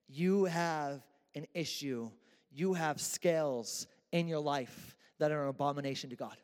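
A man's voice: on the high side, a little mellow. A man preaching a sermon in a church, casual and joking with slang. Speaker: pastor. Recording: echoey church hall.

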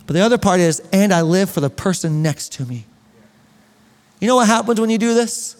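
A man preaching a sermon as pastor, animated and reading scripture aloud to his congregation. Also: sits high, fairly quick, long reverb tail. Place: church hall.

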